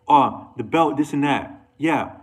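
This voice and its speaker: A man's voice: fairly high pitch, lively intonation, measured pace, slightly rough, far from the mic, voice pushed up. A man putting on the voice of a boisterous bragging fighter who drops bro slang and stretches out "man". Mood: hyped.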